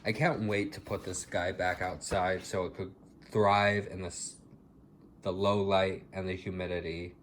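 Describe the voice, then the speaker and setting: A man with a lowish voice talks slowly and casually through a tour of his house plants, chatty and a bit dramatic about each one. A faint hiss of room noise sits under his voice. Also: little pitch movement, a bit bright. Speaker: plant vlogger. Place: home with plants, indoors.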